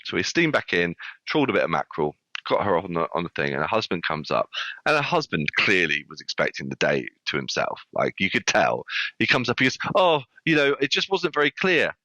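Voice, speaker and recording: A man's voice: sits low, big pitch swings, a little fast, sharp tone, no echo. A man, a restaurant guest on a podcast, telling a funny story animatedly with lots of restarts. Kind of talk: casual storytelling. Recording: dull lo-fi sound.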